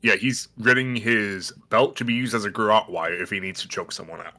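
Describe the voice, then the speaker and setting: A man's voice: on the low side, brisk, sharp tone. A man playing a tabletop game, talking in a put-on Southern drawl with stammered restarts. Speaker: player. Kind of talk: casual chat, playing a character.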